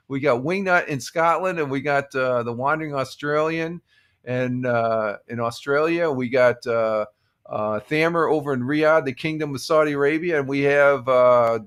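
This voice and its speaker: A man's voice: mid-range voice, a bit bright. An older man from upstate New York hosting a casual morning livestream, rambling with many fillers and restarts while greeting viewers by name. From United States. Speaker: livestream host. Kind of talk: casual chat with chat readers.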